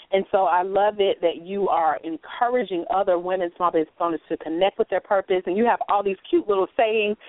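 A woman's voice: mid-range voice, dry recording. A woman radio host interviewing a guest in an upbeat, encouraging way. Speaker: radio talk show host. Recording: dry, phone-like radio sound.

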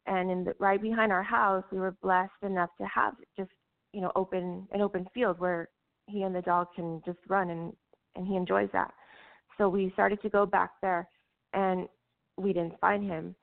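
A middle-aged woman tells an emotional personal story, halting and full of fillers and restarts. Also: mid-range voice, level tone, creaky. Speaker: guest recounting a personal story. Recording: tinny phone-line audio.

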